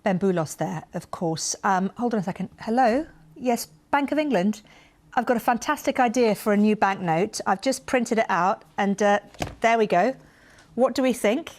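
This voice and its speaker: A woman's voice: medium pitch, moderate pace, a little hiss or hum. A woman presenting live news in a studio, joking and playful with her colleagues between stories. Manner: playful, jokey asides to colleagues. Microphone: presenter's mic, earpiece in ear.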